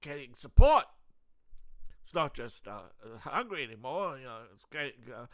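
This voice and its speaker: Australian male host, casual sarcastic commentary, rambling delivery, slightly high voice, crisp tone. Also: big pitch swings, normal speed, a bit bright. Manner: sarcastic, rambling, many fillers and restarts. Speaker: host of a news commentary channel.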